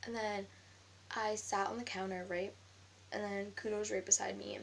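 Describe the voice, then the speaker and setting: A young woman casually telling a story to the camera, rambling and animated, with "like" after nearly every phrase. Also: mid-range voice, normal speed, creaky, slight background noise. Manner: rambling, heavy use of filler "like"; animated retelling of an argument. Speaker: vlogger.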